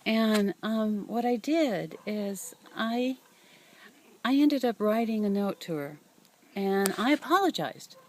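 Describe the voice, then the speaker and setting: A woman's voice: mid-range voice, animated, takes it slowly. An older woman running a cat rescue, telling a personal story in a reflective, hesitant way with many fillers and restarts.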